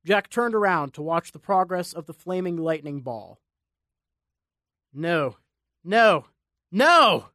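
A male audiobook narrator tells an action story in a measured, dramatic way. His voice sits a little high for a man, and the recording is dry and close with no room sound. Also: lively intonation, fairly bright tone, no echo. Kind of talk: scripted narration.

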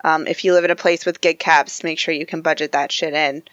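A woman's voice: deep voice, steady tone, brisk, fairly bright tone, clean tone, dry recording, muffled recording. A woman co-hosting a gaming podcast, chatty and teasing, with lots of "like". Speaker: podcast co-host. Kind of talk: casual gaming podcast chat.

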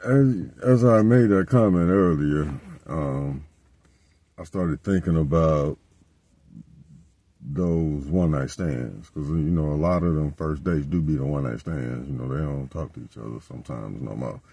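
A man in a casual chat, musing slowly and thoughtfully. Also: extremely low pitch, warm tone, no echo. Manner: slow, musing.

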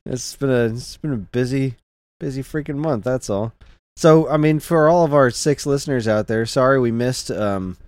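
A man's voice: mid-range voice, normal speed, darkish tone, no room sound. A man hosting a podcast in casual chat, offhand and self-deprecating. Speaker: podcast host.

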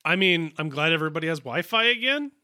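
A man co-hosting a podcast, chatty and quick to laugh as he reacts to an episode. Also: fairly high pitch, animated, bright, forceful tone, no echo, clean studio sound. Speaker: podcast co-host. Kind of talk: casual episode recap.

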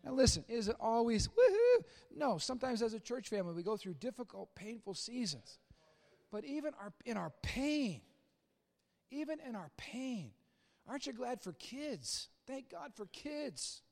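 A middle-aged male pastor with a high-pitched voice delivers a joking, story-driven sermon in a church. He swings between loud, excited bursts and quiet, hushed asides. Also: moderate pace, gravelly. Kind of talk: humorous sermon. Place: church sanctuary.

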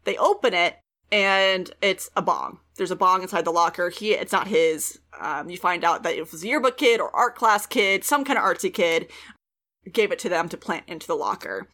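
A woman hosting a podcast, retelling TV episodes in an animated, casual way and swearing freely. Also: on the low side, moderate pace. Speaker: podcast host recapping a TV show. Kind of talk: casual chat.

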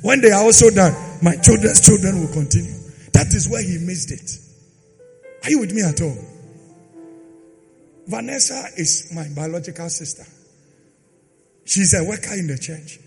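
Man preaching in a church, high voice, long hall echo, soft music under him. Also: moderate pace, long pauses. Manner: dramatic, swings between loud sung phrases and quiet asides. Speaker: pastor. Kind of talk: sermon.

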